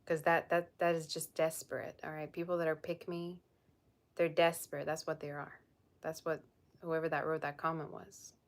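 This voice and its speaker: A woman's voice: low-pitched, level tone, moderate pace. A woman tarot reader chatting on a live stream, blunt and sassy as she reads and answers viewer comments. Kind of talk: casual live-stream chat.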